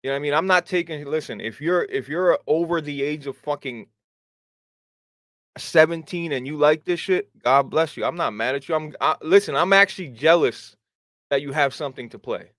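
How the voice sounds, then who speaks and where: A man's voice: on the high side, normal speed, a bit bright, dry recording. Grumbling, profane man on a dry mic. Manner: grumbling, profane, self-described hater. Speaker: podcast host. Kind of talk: casual gaming podcast chat.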